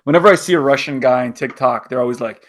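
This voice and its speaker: A man's voice: medium pitch, quick pace. Playful male podcast co-host. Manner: playful, teasing. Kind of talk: casual podcast chat.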